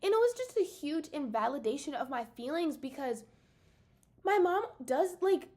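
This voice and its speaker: A young woman in her late teens or early twenties with a high voice, unloading her frustrations on camera. Her pitch leaps and dives all over as she vents, emphatic and exasperated, and she speaks straight to her audience like she's catching up with friends. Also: big pitch swings, normal speed, darkish tone. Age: young adult. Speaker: vlogger. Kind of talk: casual venting to the camera.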